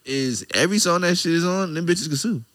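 A man's voice: a little high, lively intonation, fairly quick, fairly bright tone, no echo. A man co-hosting a podcast in loose, joking casual chat, laughing often. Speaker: podcast co-host.

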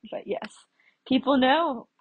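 A woman's voice: high-pitched, takes it slowly, husky, dry recording, phone-quality sound. A young American woman from the United States chatting casually about her travels, rambling with fillers and restarts. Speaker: travel vlogger.

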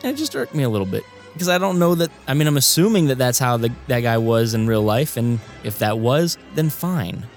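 A relaxed man leads a casual podcast conversation, sharing opinions and passing the floor to his co-hosts. His voice is mid-pitched, and faint music sits in the background. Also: a little fast, hardly any pauses. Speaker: podcast host. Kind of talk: casual movie discussion.

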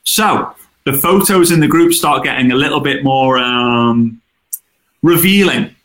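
A man, a guest in an interview, chatting casually and telling animated stories with acted-out quotes. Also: mid-range voice, measured pace. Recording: roomy echo.

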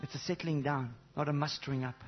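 A man preaching a sermon to a congregation, animated, swinging between loud exclamations and low intimate asides, with many rhetorical questions. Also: fast, highs cut off, faint music behind. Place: church service before a congregation.

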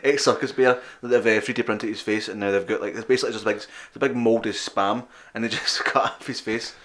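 A man's voice: lowish voice, fairly even intonation, quick pace, fairly bright tone. A man co-hosting a podcast in crude, rambling, laughing casual chat. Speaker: podcast co-host.

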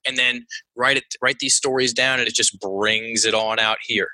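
A man talking as a guest coach in a podcast interview, animated, with many restarts and quick acted-out quotes. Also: medium pitch, no room sound, rough recording.

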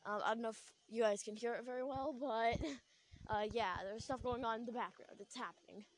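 A woman's voice: fairly high pitch, steady tone, a little fast, a little hiss or hum. A young woman hosting a podcast, chatting casually in a rambling, giggly way full of filler words, recorded on a small clip-on lapel mic. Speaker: podcast host. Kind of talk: casual chat.

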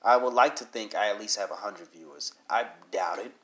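A man with a fairly low voice hosts his solo podcast while sick with a cold, and he needs to blow his nose. He rambles casually and leans on fillers. His talk is earnest and encouraging. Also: fairly quick, a bit bright. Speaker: podcast host.

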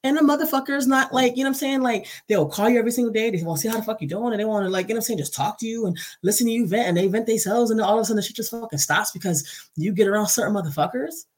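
A woman's voice: fairly high pitch, rapid-fire. A young woman hosting a podcast, venting in a profane, rambling casual monologue. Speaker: podcast host.

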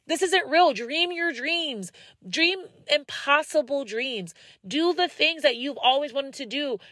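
A young woman hosts her podcast in a casual monologue, slipping into quoted voices as she tells her stories. Her voice sits a touch high, and the close, dry recording has no room sound. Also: takes it slowly, dry recording. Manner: animated storyteller, acts out quoted voices; encouraging, direct address to listeners. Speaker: podcast host. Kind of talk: casual faith-based monologue.

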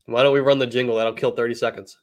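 An upbeat man co-hosting a podcast in easygoing chat. His voice sits at a middling pitch. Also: level tone, fast. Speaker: podcast co-host. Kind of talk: casual chat.

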